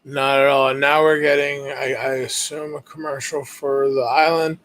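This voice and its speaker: A man co-hosting a live fight reaction show, commenting calmly and dryly. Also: mid-range voice, a little hiss or hum. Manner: calm, dry, measured commentary. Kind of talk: casual live reaction chat.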